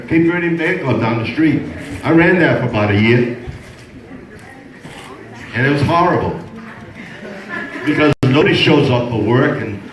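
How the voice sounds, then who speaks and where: Older male comedian, rambling storyteller, echoey room, loud ambience behind. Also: on the high side, slight background noise. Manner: rambling, conversational, laughs at his own jokes. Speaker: stand-up comedian. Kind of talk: stand-up storytelling. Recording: roomy echo, distant mic, loud room ambience.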